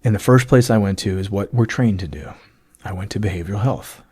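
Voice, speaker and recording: A man's voice: fairly low pitch, a little fast, darkish tone, slightly rough. A man, a podcast guest, telling a personal testimony in an emotional storytelling way, full of fillers and acted-out bits of dialogue. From United States.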